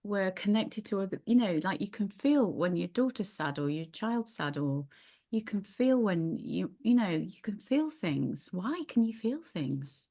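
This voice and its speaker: A woman's voice: mid-range voice, lively intonation, a little slow, warm tone. A middle-aged woman teaching a yoga class, thinking aloud with frequent restarts. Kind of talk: casual teaching in a small group.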